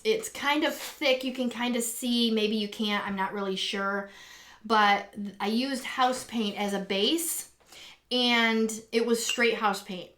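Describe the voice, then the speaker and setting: Chatty, higher-voiced woman live streaming. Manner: chatty and rambling, many ums and restarts; excitable and gushing when greeting viewers. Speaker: live stream host and acrylic pour artist. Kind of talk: casual live-stream chat. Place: home, indoors.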